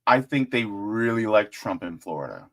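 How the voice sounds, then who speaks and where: A man hosting casual political commentary in an animated, joking way, with chatty asides. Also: on the low side, moderate pace.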